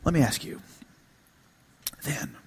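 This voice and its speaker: A middle-aged man preaching a sermon, telling stories with humor and moving between quiet asides and emphatic lines. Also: slow pace. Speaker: pastor.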